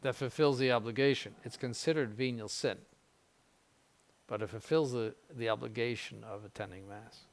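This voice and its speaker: Older male bishop, informal seminary conference, gravelly voice, rambling with wry asides. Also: medium pitch, fairly even intonation, moderate pace. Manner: conversational, repeats words, mild jokes, ironic asides.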